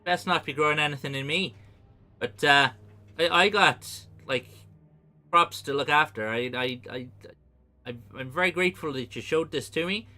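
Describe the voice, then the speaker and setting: A man's voice: on the high side, moderate pace, sharp tone, faint music behind. A man voicing a hesitant, stammering male farmer who keeps tripping over his words. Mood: flustered. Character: gruff male farmer named Fergus.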